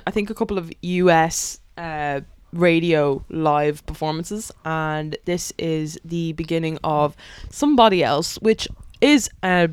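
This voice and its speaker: A woman's voice: lowish voice, clean tone, dry recording. A woman co-hosting a podcast in chatty, playful talk. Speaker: podcast co-host. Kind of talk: casual chat.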